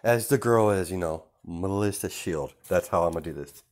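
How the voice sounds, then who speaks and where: Man, very low voice, casual improvised narration, rambling, many fillers. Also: moderate pace. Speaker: fan story narrator.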